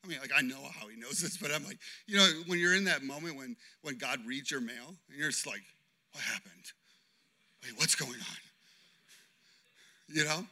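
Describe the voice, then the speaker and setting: A man preaching a sermon as pastor, impassioned and swinging between loud declarations and hushed storytelling. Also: on the high side, fast, few pauses.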